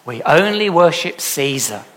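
Defiant chief priests, as a preacher reads them. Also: male voice, a little high, sing-song, a little slow, fairly bright tone. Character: defiant ancient chief priests, male, adult.

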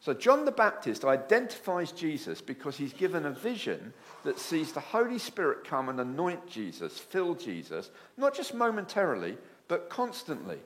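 Man, preacher, sermon, lively pitch, storytelling asides. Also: normal speed, hardly any pauses. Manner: animated storytelling with acted asides.

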